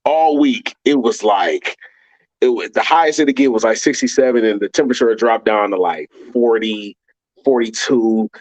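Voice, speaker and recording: A man in casual livestream chat, mid-pitched, restarting his sentences with a repeated word or two. The sound is dull and lo-fi, like a cheap mic feed. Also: moderate pace, a little mellow. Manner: repeats words as he starts sentences. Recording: dull lo-fi audio.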